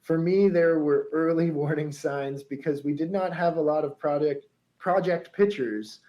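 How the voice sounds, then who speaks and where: A man's voice: fairly high pitch, moderate pace, highs cut off. A man co-hosting a podcast, telling a story in a chatty way, laughing often and reading quotes aloud.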